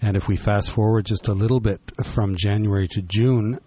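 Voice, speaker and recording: A man hosting a radio interview, asking his guest prepared questions in a measured, deliberate way. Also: on the low side, fairly even intonation, warm tone, slightly rough, no room sound.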